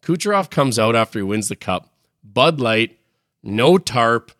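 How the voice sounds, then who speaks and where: Canadian guy co-hosting a sports podcast, mid-pitch voice, upbeat and jokey, dry close sound. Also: expressive, unhurried, fairly bright tone, dry recording. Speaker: podcast co-host. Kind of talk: casual sports chat.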